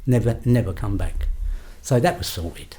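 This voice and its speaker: A man's voice: lowish voice, normal speed, warm tone. An older man, a podcast guest recounting his past in a blunt, storytelling way and acting out the exchanges he quotes. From London. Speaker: guest, former gangster. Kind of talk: storytelling interview.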